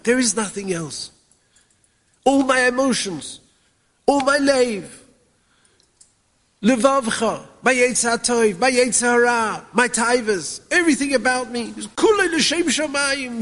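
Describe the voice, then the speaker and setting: A man with a Yeshivish English accent teaching Torah, chanting Hebrew verses in a sing-song that swings from hushed to soaring. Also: high voice, animated, unhurried, in a large hall. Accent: Yeshivish English with Ashkenazi Hebrew pronunciation. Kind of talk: Yiddish-inflected Torah talk.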